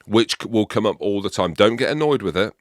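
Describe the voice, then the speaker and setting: A man's voice: fairly low pitch, animated, a little fast, no echo, clean studio sound. A man hosting a podcast in casual chat, leading with emphatic questions. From England. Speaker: podcast host.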